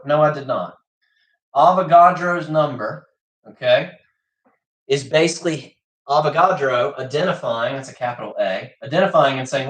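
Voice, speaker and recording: A man's voice: medium pitch, moderate pace. A man teaching a livestreamed chemistry class, chatty and often checking in with "okay?". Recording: echoey room.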